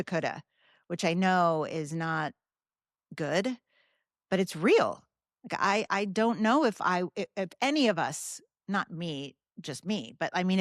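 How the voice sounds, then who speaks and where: Slow, halting woman in her fifties. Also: lowish voice, dry recording, clean studio sound. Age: 50s. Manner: halting, emotional, candid with swearing. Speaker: podcast host. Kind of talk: personal grief talk.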